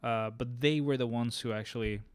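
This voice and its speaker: A man's voice: mid-range voice, steady tone, normal speed, clear, resonant tone, dry recording. A man streaming a game and rambling casually, with loose, chatty talk full of fillers and restarts. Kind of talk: casual rambling chat while gaming.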